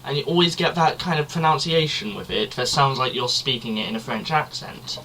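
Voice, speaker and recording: A young man chats loosely on a homemade podcast, wandering from point to point. His voice is bright and edged, with a faint hiss of background noise under it. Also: medium pitch, steady tone, brisk. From Britain. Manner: rambling, chatty, loose swearing. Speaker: podcast co-host. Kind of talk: casual chat.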